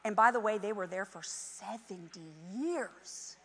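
A woman preaching a sermon, animated and emphatic, with conversational asides to the congregation. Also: medium pitch, unhurried, big-room sound. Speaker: pastor.

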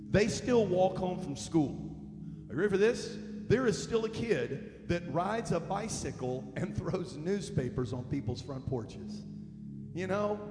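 Male pastor, forties, high voice, preaches big and shouts at peaks; roomy hall sound, music underneath. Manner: impassioned preaching that builds to shouting. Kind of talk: sermon. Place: large church hall.

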